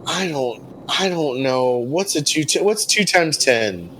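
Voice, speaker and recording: A man's voice: a little high, animated, unhurried, a bit bright, a little hiss or hum, low-quality recording. A man playing a tabletop role-playing game, talking in a stammering, rambling, apologetic way. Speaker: player. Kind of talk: casual tabletop role-play.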